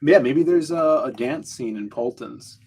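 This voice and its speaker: Slightly hoarse man chatting casually. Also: mid-range voice, unhurried, darkish tone. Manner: rambling, flipping through comics and commenting. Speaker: co-host of a comics talk stream. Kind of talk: casual chat.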